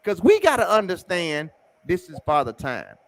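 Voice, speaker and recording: A man co-hosting a track talk show, shouting in outrage and then hushing himself to stay calm. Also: high voice, normal speed. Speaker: track podcast co-host. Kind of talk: heated sports talk.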